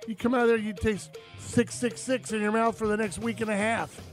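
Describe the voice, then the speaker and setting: A man's voice: sits high, steady tone, brisk, faint music behind. A man from Florida hosting a casual outdoors radio talk show, rambling and folksy as he talks over his co-hosts. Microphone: studio microphone.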